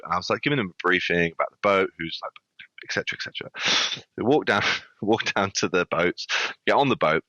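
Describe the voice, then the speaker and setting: A man's voice: low-pitched, sharp tone, no echo. A man, a restaurant guest on a podcast, telling a funny story animatedly with lots of restarts. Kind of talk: casual storytelling. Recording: dull lo-fi sound.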